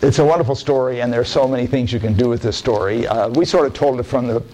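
A male pastor telling a Bible story to children during a sermon, slow and coaxing, often laughing. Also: medium pitch, warm tone, slight background noise, rough recording.

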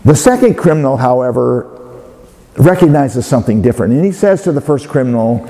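A man's voice: medium pitch, big pitch swings, mellow. Man preaching in an echoing hall. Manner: measured, with hesitant fillers and restarts. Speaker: pastor. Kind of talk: sermon. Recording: long hall reverb.

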